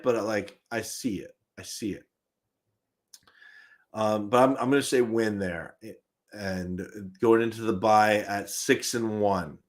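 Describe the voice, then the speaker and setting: Animated male stream host reading chat. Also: mid-range voice. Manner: animated, chuckles often, frequent restarts. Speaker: host of a live fan stream. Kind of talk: casual live-stream chat, reading viewer comments.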